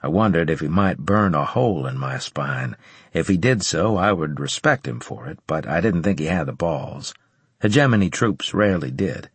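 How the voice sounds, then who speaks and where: Male narrator, first-person audiobook, low husky voice, dry close mic. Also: dry recording.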